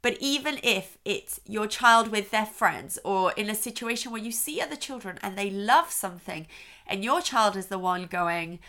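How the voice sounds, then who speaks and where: A woman's voice: medium pitch, animated, normal speed, bright, forceful tone. A middle-aged woman and parenting expert giving earnest, reassuring advice straight to the listener, often checking in with "okay?". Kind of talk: direct-to-camera advice talk.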